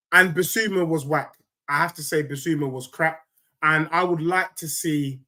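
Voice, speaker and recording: A man chatting live to viewers after a football match, in animated, slangy banter. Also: high voice. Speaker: football fan streamer. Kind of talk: live stream chat reacting to a match.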